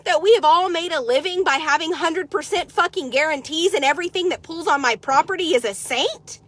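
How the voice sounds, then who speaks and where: A middle-aged woman from the United States, ranting sarcastically in a vlog and swearing constantly, swinging from loud outbursts to low mutters. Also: expressive, brisk, hardly any pauses, no echo. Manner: heavy swearing, sarcastic, combative. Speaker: horse trader vlogger.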